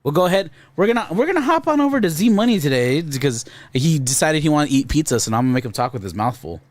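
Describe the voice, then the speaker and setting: A man's voice: fairly high pitch, sing-song, very fast, dry recording. A man hosting a casual podcast, rambling and laughing as he retells stories. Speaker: podcast host.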